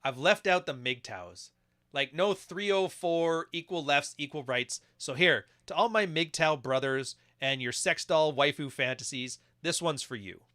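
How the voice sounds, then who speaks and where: A man's voice: on the high side, a little slow, pushed and bright. A man hosting a podcast, giving crude, joking commentary on video clips and laughing often. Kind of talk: casual reaction commentary.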